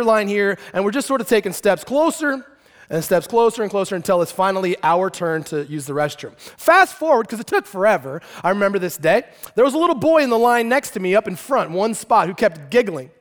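A man from Arizona, a pastor, preaching a sermon through an animated, playful comic story that swings between loud and quiet. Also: high voice. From Arizona, USA. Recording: long reverb of a large hall.

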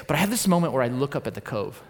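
A man from Southern California preaching a storytelling sermon, acting out voices and swinging from loud to quiet. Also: medium pitch, big pitch swings, very fast, in a large hall.

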